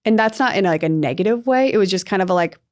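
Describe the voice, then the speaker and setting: A young adult woman co-hosting a sports podcast, telling stories in a chatty, animated way with lots of fillers. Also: medium pitch, fast. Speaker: podcast co-host. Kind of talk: casual sports chat.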